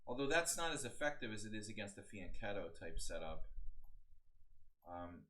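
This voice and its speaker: A man's voice: fairly low pitch, very animated, moderate pace, sharp tone, rough recording. A man coaching chess on a live stream, chatty and joking as he thinks aloud through the moves. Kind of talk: live-stream game analysis.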